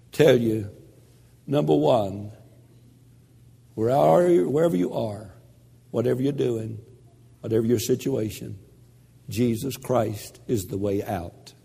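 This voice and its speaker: An older man preaching a sermon, telling a story in a slow, dramatic delivery that drops to a hush. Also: mid-range voice, gravelly, slightly rough, long reverb tail.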